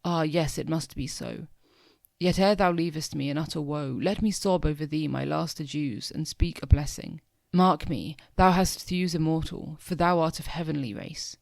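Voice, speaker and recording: A man's voice: on the high side, moderate pace, gravelly, no room sound. Man reading a taunting cruel sorceress. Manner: taunting, mock-tender. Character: cruel mocking sorceress goddess, female.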